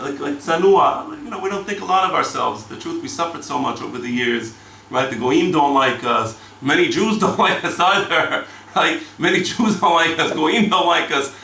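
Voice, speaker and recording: Animated rabbi teaching in an echoey room. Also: male voice, a little high, creaky, slight background noise. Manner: animated, chanting verses in Hebrew. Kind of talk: Torah lecture. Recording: echoey room, mic from far off.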